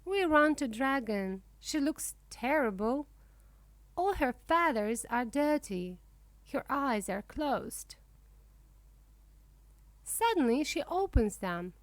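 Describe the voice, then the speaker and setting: A woman narrating a children's book for English learners, reading slowly, clearly and expressively. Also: sits high, sing-song, no room sound. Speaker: audiobook narrator.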